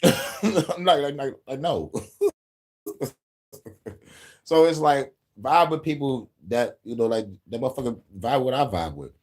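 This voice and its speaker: A man's voice: mid-range voice, lively intonation, moderate pace. Profane laughing man ranting casually. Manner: profane, laughing, acts out quotes. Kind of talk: casual rant.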